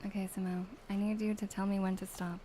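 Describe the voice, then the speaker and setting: A young woman reading tarot gently in a whispered role-play, soft and halting with many fillers. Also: mid-range voice, flat delivery, a little hiss or hum, rough recording. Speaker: ASMR streamer reading tarot.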